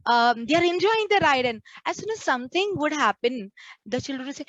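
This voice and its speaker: A woman's voice: high-pitched, expressive, normal speed, no echo, highs cut off. A woman, a nun preaching a sermon to a prayer group and acting out the complaints she quotes. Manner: earnest, acts out quoted complaints.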